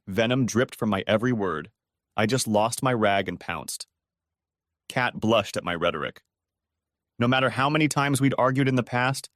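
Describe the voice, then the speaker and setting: A man's voice: on the low side, fairly bright tone, no room sound, studio quality. A man narrating a first-person audiobook story in a cold, scornful tone.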